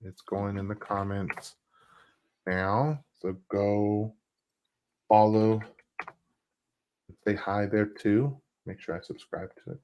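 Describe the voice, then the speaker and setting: A man's voice: fairly low pitch, level tone, slow pace, long pauses, lo-fi sound. A man hosting a podcast livestream, chatting casually with an upbeat, rambling, enthusiastic manner. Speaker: podcast host.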